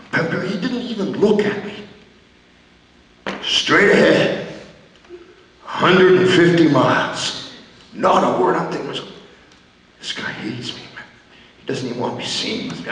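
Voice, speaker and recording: On a theater stage, an actor plays a veteran male pro wrestler in a full character voice that's high, animated, and fairly bright. He tells a comic story slowly, with long pauses, in punchy, short dramatic beats. The recording sounds like an echoey hall captured from far off.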